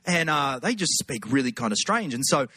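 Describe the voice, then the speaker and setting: A man with an Australian accent, a pastor telling funny stories in an animated sermon. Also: medium pitch, normal speed, breathy edge, no room sound. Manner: animated, jokey, lots of put-on voices. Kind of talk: humorous sermon storytelling.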